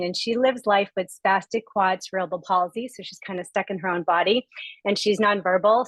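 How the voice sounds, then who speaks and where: A woman's voice: medium pitch, a bit bright, no room sound, poor audio. A woman in her forties from Rhode Island, giving an earnest, heartfelt testimonial on a webinar over a video call, close to tears. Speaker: guest speaker sharing a testimonial.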